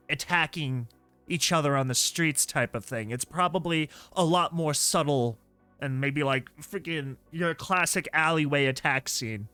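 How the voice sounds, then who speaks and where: A man's voice: on the high side, bright, forceful tone, no echo. A young man narrating a comic dub and chatting casually between panels, joking and saying "like" often. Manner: chatty, joking, many likes.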